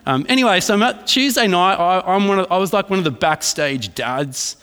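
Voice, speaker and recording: A man's voice: high-pitched, brisk, fairly bright tone, smooth. A man, a pastor preaching a sermon in a casual storytelling way, often checking in with "right?". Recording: reverberant hall.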